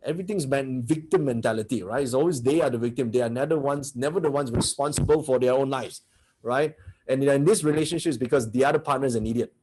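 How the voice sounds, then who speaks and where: A man's voice: mid-range voice, quick pace, darkish tone. A man teaching a motivational seminar, blunt and brash, who keeps firing rhetorical questions at his audience.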